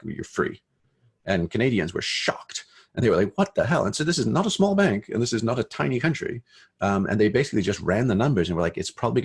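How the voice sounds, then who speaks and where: A man giving an informal, conversational talk about finance to an online audience, loose and animated, with swearing and fillers. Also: low-pitched, gravelly, slightly rough. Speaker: speaker on economics and sensemaking.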